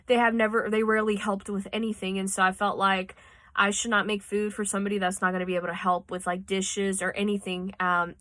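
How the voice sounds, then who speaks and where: Bright, dry-voiced woman vlogger. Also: mid-range voice, dry recording. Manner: rambling, tearful at times, swears freely. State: tearing up. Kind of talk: casual storytelling vlog. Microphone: phone.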